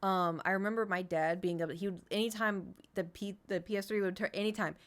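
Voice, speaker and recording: A woman's voice: mid-range voice, fairly even intonation, fairly quick. A woman in her thirties, streaming and chatting casually, rambling through an anecdote and answering chat as she goes.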